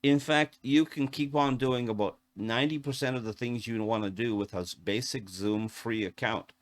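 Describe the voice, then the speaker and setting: A man's voice: mid-range voice, fairly even intonation, moderate pace. A man teaching as an AV technician in a casual, chatty tutorial, often stopping to restart a phrase. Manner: chatty, self-interrupting with fillers and restarts. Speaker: AV technician instructor.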